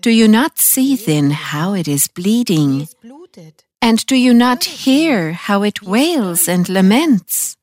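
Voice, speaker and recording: A woman reading aloud as a gentle, sorrowful male teacher who rebukes cruelty to animals. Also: mid-range voice, big pitch swings. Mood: reproachful. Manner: solemn, reproachful, measured.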